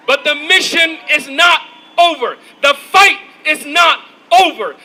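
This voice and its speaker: A man giving an impassioned, shouted rally speech outdoors, rousing the crowd with call-and-response. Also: very high-pitched, slight background noise, poor audio. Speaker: rally speaker.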